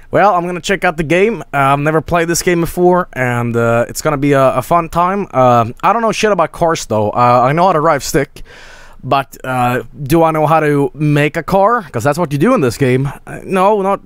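Streamer, male, a bit high-pitched, crude joking rambles, dry close sound. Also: fairly bright tone, smooth, dry recording. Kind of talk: casual gameplay commentary.

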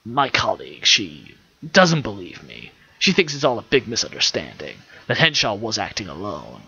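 A man voicing a suspicious, stranded male officer who speaks low and guarded, in an audiobook reading. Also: wildly swooping pitch, normal speed, gravelly, bright, forceful tone, husky, dull audio, exaggerated voice.

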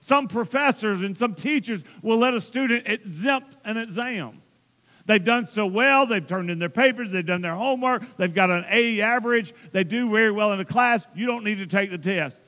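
A man's voice: sits high, normal speed, bright, forceful tone. A man preaching a sermon, emphatic and building to impassioned runs. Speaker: pastor. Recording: dull sound in a reverberant church hall.

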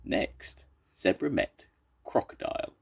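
An older man reading a children's picture book aloud in an animated, expressive way. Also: takes it slowly. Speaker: storyteller.

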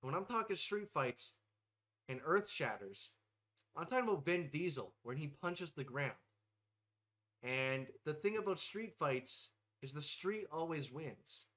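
Brash young male host, swears nonstop, mock-tough comedic rant, slightly high pitch. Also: sing-song, a little slow, a bit bright. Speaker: host ranking game characters. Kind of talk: profane comedic tier-list rant.

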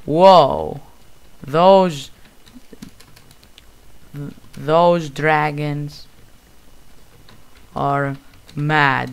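A man with a Greek accent giving casual, excitable commentary while playing a video game. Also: on the high side, drawn-out words, gravelly, pauses often. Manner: excitable, bursts of loud exclamations. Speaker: gamer.

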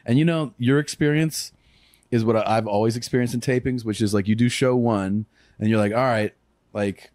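A man's voice: medium pitch, a little fast, a little mellow, dry recording. A man, a comedian, in loose, joking podcast banter with plenty of swearing. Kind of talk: casual podcast chat.

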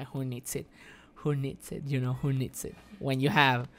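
A woman's voice: extremely low pitch, little pitch movement, a little slow. A woman streaming a video game with live commentary, exasperated, swearing and repeating words in bursts.

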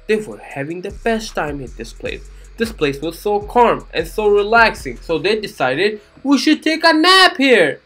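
A woman's voice: medium pitch, sing-song, a little slow, a bit bright. A woman narrating a children's cartoon in a gushing, exclamatory way, keeps asking the young viewers questions. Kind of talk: chatty commentary for children.

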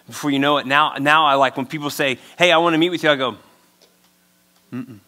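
Bright-voiced man preaching. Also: medium pitch, brisk, long pauses. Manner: energetic, storytelling, asks the crowd for call-and-response. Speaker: pastor. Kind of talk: sermon. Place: church hall before a congregation.

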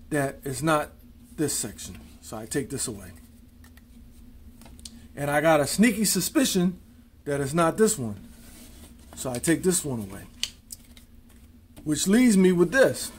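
A man's voice: on the high side, a little hiss or hum. A man demonstrating card tricks, talking casually and counting and spelling aloud as he deals. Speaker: amateur magician.

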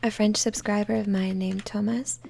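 A woman hosting a soft-spoken ASMR gaming chat, gentle and apologetic, often slipping into whispers. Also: medium pitch, little pitch movement, moderate pace, gravelly, a little hiss or hum. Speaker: ASMR host.

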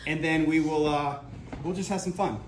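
A man's voice: fairly high pitch, steady tone, normal speed, noisy background. A middle-aged man with a Midwestern accent, the father of the bride, giving a jokey, heartfelt speech. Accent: American Midwestern. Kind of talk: casual speech. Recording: echoey room with a crowd.

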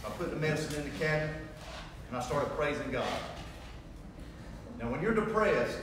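A man giving a sermon testimony, telling his story in an animated way and acting out the dialogue. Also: a little high, normal speed, noisy background. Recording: echoey hall, mic far off.

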